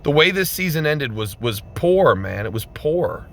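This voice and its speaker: A frustrated man vents after a loss, repeating himself, his pitch leaping up on angry outbursts and sinking low when he turns sad. A faint hiss of noise sits under his voice. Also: sing-song, a little slow. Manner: frustrated, emphatic, repetitive, swings between loud outbursts and subdued sadness. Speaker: sports fan vlogger. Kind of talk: postgame rant.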